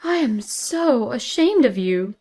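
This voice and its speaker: A woman voicing a stern, outraged older mother-in-law who scolds firmly and deliberately. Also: on the high side, very animated, mellow, soft background music, heavily acted. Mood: indignant.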